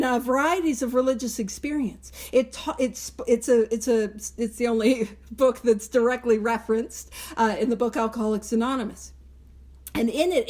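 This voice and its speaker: A woman's voice: high voice, a little mellow. A woman hosting a recovery book study, teaching in a casual spoken way, earnest and emphatic, with small chuckles between phrases.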